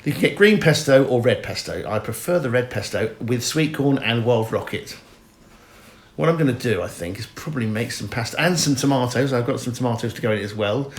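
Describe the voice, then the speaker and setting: A man's voice: mid-range voice, animated, brisk, slight background noise. A middle-aged man giving a rambling, mock-earnest comic voice-over and chatting straight to the viewers. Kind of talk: deadpan comic narration. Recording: roomy sound with faint music.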